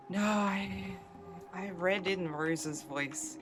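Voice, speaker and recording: A woman's voice: on the low side, very slow, over music. A woman live-streaming a game, chatting casually, thinking aloud and poking fun at herself.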